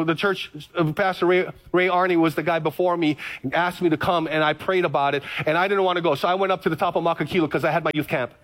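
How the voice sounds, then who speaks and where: A middle-aged man, a pastor telling a story in a sermon, animated and given to repeating himself. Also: sits high. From Hawaii's Big Island. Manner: animated, repeats phrases, stammers into restarts.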